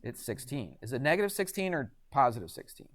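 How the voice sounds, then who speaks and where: This male math teacher is very animated and speaks a little fast in a medium pitch. He lectures his class chattily, firing frequent questions at the students.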